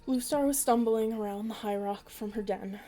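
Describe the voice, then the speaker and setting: A woman reading a children's book aloud for a storytelling podcast, in an even way with an occasional slip and restart. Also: on the high side, normal speed.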